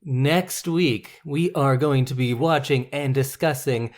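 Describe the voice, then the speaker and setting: A man's voice: mid-range voice, takes it slowly. A man co-hosting a casual podcast, talking enthusiastically about movies and rattling off lists. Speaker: podcast co-host.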